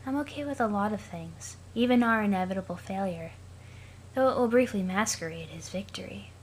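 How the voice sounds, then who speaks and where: A woman voicing a gloomy young troll girl in a dead, flat monotone, calm and cryptic. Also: medium pitch, a little fast, slight background noise, lightly acted. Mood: detached.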